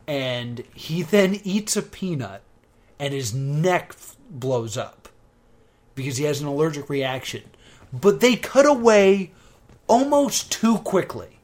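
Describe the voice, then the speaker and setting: Guy podcasting about a tv show, slow drawl, gets loud acting out scenes. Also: a little high. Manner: animated retelling, bursts into loud quoted exclamations. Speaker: podcast co-host. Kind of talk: casual chat recapping a TV show.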